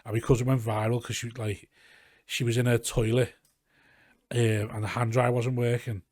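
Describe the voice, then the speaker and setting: This Liverpool comedian, with his Scouse accent, rambles through sweary anecdotes on a casual podcast in a garage, acting out what people said. He has a medium pitch, a flat delivery, a moderate pace and a slightly mellow tone. The audio is clean studio sound with no echo.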